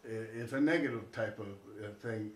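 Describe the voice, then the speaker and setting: A man performing as a guest on a comedy talk show, giving a rambling, reflective monologue with halting restarts. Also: medium pitch, echoey room. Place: living room with small audience.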